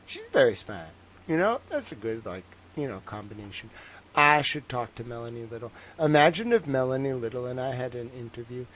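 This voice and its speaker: A man's voice: mid-range voice, expressive, brisk, fairly bright tone. A young man with a Boston accent chatting casually on his livestream, rambling and joking, with lots of filler words. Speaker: livestream host.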